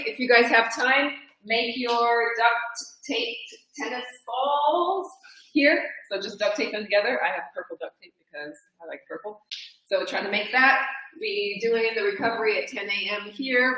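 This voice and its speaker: Bright upbeat woman fitness host. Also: a little high, moderate pace. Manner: upbeat, laughs easily, chatty. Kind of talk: casual chat and announcements. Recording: roomy echo.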